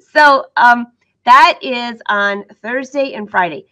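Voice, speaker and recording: A woman's voice: on the high side, lively intonation, measured pace, sharp tone. A middle-aged woman who teaches sewing, chatting upbeat to her viewers, laughing often and fighting the hiccups. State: has the hiccups. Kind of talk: casual chat to viewers.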